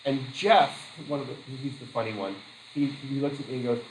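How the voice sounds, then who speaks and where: A man teaching a class, telling chatty stories with asides and quick laughs. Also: medium pitch, reverberant, slight background noise, low-quality recording. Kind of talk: classroom lecture with anecdotes.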